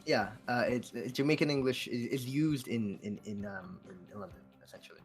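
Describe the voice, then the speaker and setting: A man's voice: mid-range voice, expressive, fairly quick. A man from the UK chatting on a stream, hesitant and full of restarts. His lines often trail away into near-mumbles, with faint music in the background. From United Kingdom. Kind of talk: casual chat.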